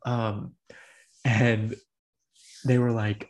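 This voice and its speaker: A man's voice: mid-range voice, fairly even intonation, slow pace. A man hosting a podcast, telling a long story in casual chat, with lots of filler words and quoted dialogue. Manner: rambling storytelling full of "like" and acted quotes. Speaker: podcast host.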